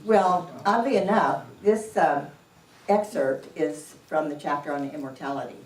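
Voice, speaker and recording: A woman giving an informal sermon in a church, unhurried and anecdotal, often chuckling as she tells stories. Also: low-pitched. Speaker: church speaker. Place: church sanctuary. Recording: echoey room, distant mic, faint noise.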